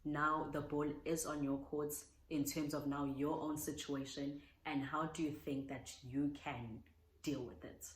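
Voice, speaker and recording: Deep-voiced and casual, a young South African woman responds warmly to viewer questions, dropping in the odd Zulu word. The audio is poor and reverberant.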